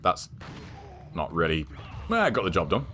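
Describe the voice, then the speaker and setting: A young man with a deep, low voice talks loosely over his gameplay stream, wandering between topics and cursing at enemies. He sits at a home setup with two monitors, and a faint hiss sits under his voice. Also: huge pitch swings, unhurried, sharp tone. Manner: rambling, chatty, swears at the game. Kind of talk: casual gameplay commentary.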